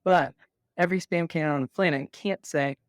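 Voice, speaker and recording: A man with a somewhat high voice talks through his points as an interview guest, animated and conversational. The recording is dry and close, with no room sound. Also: moderate pace, clean tone, no room sound.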